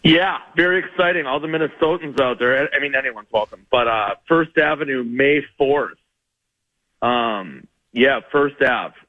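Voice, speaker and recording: A man telling a funny story as a comedian guest on a radio show, rambling, self-mocking, with quick laughs. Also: mid-range voice, no room sound, phone-quality sound.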